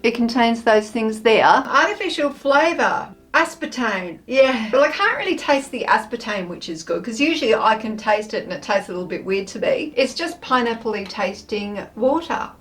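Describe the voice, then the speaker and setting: A woman with a slightly high, lively voice talks casually to camera as she tries one snack after another. She is expressive and playful, narrating every thought as it comes. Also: moderate pace, hardly any pauses. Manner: chatty, expressive, thinks aloud; playful, with frequent laughs. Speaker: food taste-test vlogger. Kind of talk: casual chatty taste test.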